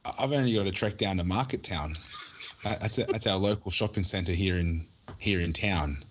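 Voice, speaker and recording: A man co-hosts a casual podcast chat in a very low voice. He jokes around and often restarts his sentences. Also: moderate pace, fairly bright tone, highs cut off. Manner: joking, restarts often, laughs at own jokes. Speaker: podcast co-host.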